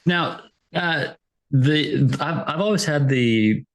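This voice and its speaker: A man's voice: fairly high pitch, slow. A man co-hosting a casual podcast who mostly listens. When he asks a question, he rambles a little and restarts his sentences in an easygoing way. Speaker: podcast co-host. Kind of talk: casual chat.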